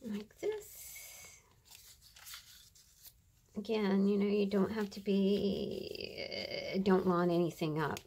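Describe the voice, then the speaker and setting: A woman's voice: mid-range voice, steady tone, unhurried, warm tone, a little hiss or hum. A woman chatting casually through a crafting tutorial, muttering to herself and often dropping to a whisper as she works. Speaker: crafter demonstrating journal pages.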